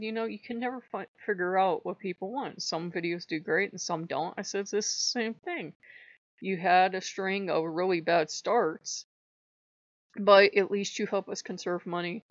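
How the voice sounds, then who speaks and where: A woman with a low, gravelly voice rambles through a casual vlog chat, full of fillers and asides. The audio is dull and lo-fi, with a dry, close sound and no room around it. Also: dry recording. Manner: rambling, conversational, frequent fillers. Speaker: channel host.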